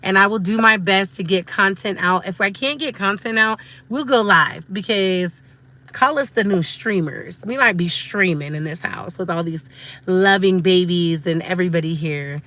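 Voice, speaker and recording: A woman's voice: on the low side, normal speed, sharp tone. A woman from California hosting a livestream, chatting gratefully and casually with her viewers. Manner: grateful, chatty, addresses viewers as you guys. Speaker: livestream host. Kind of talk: casual live chat to viewers.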